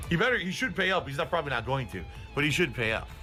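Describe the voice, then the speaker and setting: A man's voice: fairly high pitch, sing-song, very fast, sharp tone. Man, middle-aged, live streamer, profane, combative, winded, music behind. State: out of breath. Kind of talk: ranting livestream talk.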